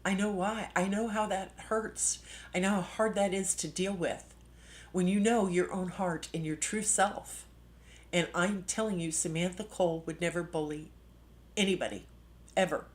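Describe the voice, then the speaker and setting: A middle-aged woman hosts a live stream in a voice sitting a little low. She talks with raw, indignant passion, leaning hard on words and jumping up in pitch when she is most stirred. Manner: impassioned, indignant, with sudden pitch jumps and pointed emphasis. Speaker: livestream host. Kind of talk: emotional live-stream commentary.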